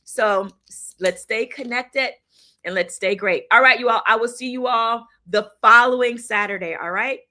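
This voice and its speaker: A woman's voice: on the high side, normal speed, sharp tone. A woman hosting a casual livestream, talking to her viewers in an encouraging, chatty way. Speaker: livestream host.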